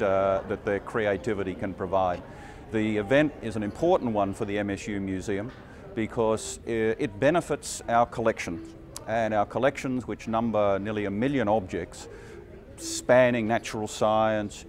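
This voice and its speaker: A man speaking for a museum in an interview, measured and formal. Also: fairly low pitch, a little mellow. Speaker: museum spokesperson.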